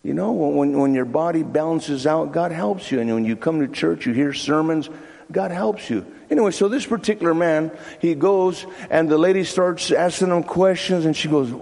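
A man's voice: a little high, moderate pace, gravelly, darkish tone. A man preaching a sermon in a church, telling a story with acted-out voices and repeated words. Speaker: pastor. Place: church sanctuary. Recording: long hall reverb.

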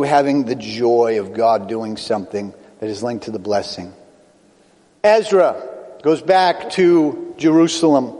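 An older man preaching a sermon as pastor, earnest, with quick bursts and slow emphatic phrases. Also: on the high side, a little mellow, long reverb tail.

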